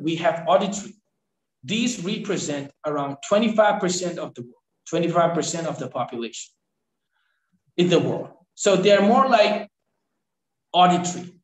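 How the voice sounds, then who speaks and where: A man from Northeast India giving a training lecture. He repeats key phrases and keeps checking in with "right?". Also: on the high side. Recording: echoey room.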